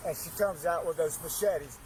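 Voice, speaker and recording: A man's voice: on the high side, normal speed, background noise. A man who witnessed the incident, telling it to police in an agitated, rambling way, recorded outdoors on a bodycam. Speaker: neighbor and witness.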